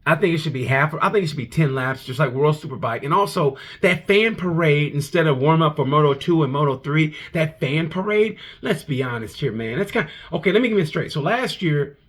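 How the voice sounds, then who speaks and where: Man, husky voice, comedian, casual race review, animated, rambling, profane. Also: fairly high pitch, a little fast, hardly any pauses. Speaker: comedian reviewing motorcycle races.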